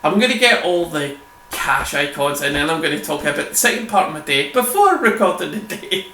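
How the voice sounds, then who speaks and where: A man's voice: a little high, very animated, brisk, pushed and bright. A man talking casually over his gameplay, rambling and swearing, laughing often as he chats. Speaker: gameplay video host. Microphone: desk microphone. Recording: echoey room with faint hum.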